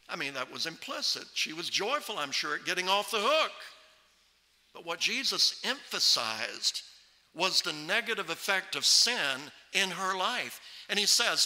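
High, forceful preacher in a reverberant church. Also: male voice, very animated. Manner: emphatic, slows right down to stress scripture. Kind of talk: sermon. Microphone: microphone on a stand. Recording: long hall reverb from a church.

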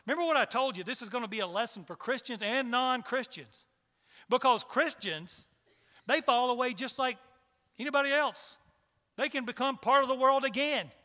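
A man's voice: very high voice, moderate pace, pushed and bright, in a large hall. A man preaching a sermon to a church congregation, emphatic and repeating his rhetorical questions. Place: church hall.

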